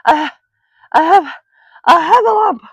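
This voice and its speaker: A woman's voice: extremely high pitch, lively intonation, measured pace, vocal fry, no room sound, voice pushed up, heavily acted. A woman voicing a small, timid male piglet who squeals and stammers in a frantic panic. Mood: breathless, stammering. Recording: dull lo-fi dry recording.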